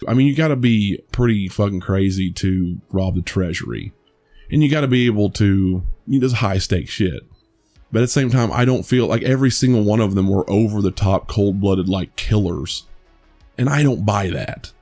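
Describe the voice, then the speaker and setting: A man's voice: fairly low pitch, normal speed, a little mellow, soft background music. A man co-hosting a podcast, chatting casually about a movie, rambling with many restarts and some swearing. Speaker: podcast co-host. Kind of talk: casual movie review chat.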